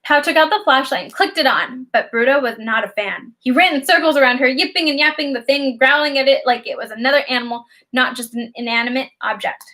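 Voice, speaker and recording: This high-voiced woman reads a children's novel aloud for an audiobook, moving fairly quickly with few pauses. Her narration is animated and expressive.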